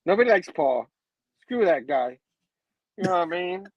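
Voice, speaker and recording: A man's voice: high-pitched, big pitch swings, moderate pace, no room sound, dull audio. A man hosting a casual comic book review show, laughing often and saying "you know what I mean" again and again. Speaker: host.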